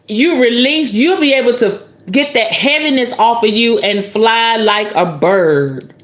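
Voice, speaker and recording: A woman giving a spiritual tarot reading in a casual, animated, preachy way, with some swearing. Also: fairly high pitch, measured pace, roomy sound, muffled recording. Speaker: tarot reader.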